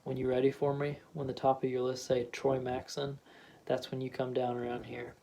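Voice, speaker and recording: A man voicing a stubborn, defiant middle-aged husband who talks gruffly in clipped dialect. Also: medium pitch, monotone, moderate pace, warm tone, a little hiss or hum, lightly acted.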